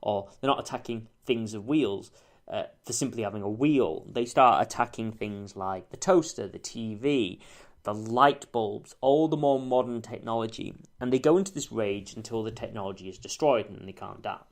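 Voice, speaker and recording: A man's voice: on the low side, moderate pace. Man giving a careful spoken review. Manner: thoughtful, careful, self-correcting. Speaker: TV show reviewer.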